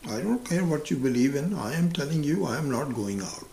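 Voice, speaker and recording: A man's voice: fairly high pitch, lively intonation, fairly quick, creaky, mellow, voice pushed up. A man doing a stubborn grown man sure he is a cat. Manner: stubborn, insistent. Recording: roomy hall echo.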